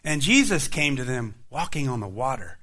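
Bright-voiced animated male preacher. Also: medium pitch, moderate pace. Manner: animated storytelling preacher, rhetorical questions to the congregation. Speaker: pastor. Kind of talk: sermon.

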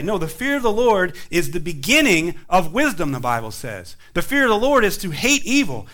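A man delivering a church sermon in a high-pitched voice with a bright, forceful edge. He preaches with emphatic rises on key words and falls back to quiet, low endings. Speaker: pastor.

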